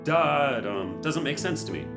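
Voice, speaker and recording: A man's voice: a little high, lively intonation, normal speed. Analytical man explaining piano technique. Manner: analytical, frankly opinionated, hums melodies to demonstrate. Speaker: piano teacher reacting to a performance. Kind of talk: explanatory reaction commentary.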